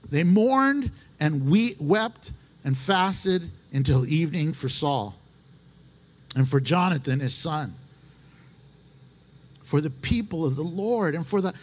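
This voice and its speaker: A man preaching a sermon as pastor, folksy and animated, slipping into little acted asides. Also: a little high.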